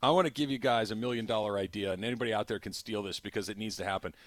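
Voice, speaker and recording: A man's voice: fairly low pitch, rapid-fire, no room sound. A middle-aged man hosting a talk radio show, telling stories animatedly and laughing often. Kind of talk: casual talk radio banter.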